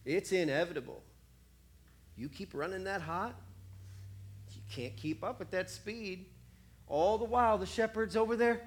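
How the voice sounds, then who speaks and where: Male preacher, theatrical sermon delivery, sharp loud-to-quiet swings, repeats phrases and plays out short dialogues. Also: sits high, a little slow, pauses often, a little hiss or hum. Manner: dramatic, swings between loud outbursts and hushed lines; acts out little dialogues and repeats phrases for effect.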